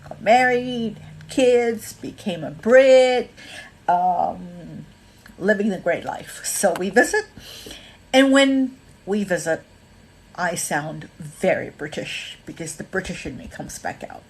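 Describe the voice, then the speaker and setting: A woman's voice: medium pitch, lively intonation, slow pace, slight background noise, rough recording. A woman from Malaysia with a mixed, mostly American accent and a touch of Australian, hosting a casual livestream, rambling with lots of ums and greeting viewers by name. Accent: mixed American with a bit of Australian. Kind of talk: casual live-stream chat.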